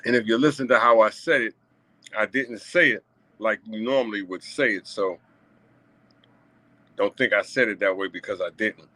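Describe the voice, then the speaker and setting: Man with a lowish voice, casual vlog commentator, emphatic, repeats himself, chuckles between points. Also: moderate pace, long pauses, pushed and bright, dry recording, rough recording. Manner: emphatic and repetitive, frequent "you know what I'm saying" asides. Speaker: vlogger commenting on a news story.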